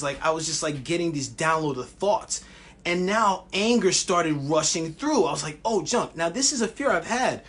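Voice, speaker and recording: A man vlogging a personal wellness story, passionate and animated, with frequent restarts. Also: fairly high pitch.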